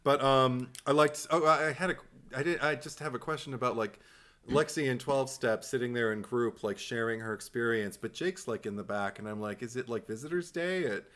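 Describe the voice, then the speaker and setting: A man co-hosting a podcast in casual chat, animated, laughing often and restarting his sentences. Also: medium pitch, fairly quick. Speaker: podcast co-host.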